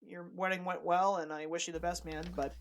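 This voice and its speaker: A man's voice: high voice, little pitch movement, fairly quick. A young man co-hosting a podcast in casual chat, rambling with many restarts and fillers. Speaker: podcast co-host.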